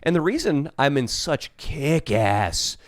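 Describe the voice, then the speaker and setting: A man's voice: on the high side, sing-song, takes it slowly, no echo, studio quality. A young man co-hosting a podcast who chats casually and tells boastful, comically escalating stories. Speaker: podcast co-host. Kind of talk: casual chat.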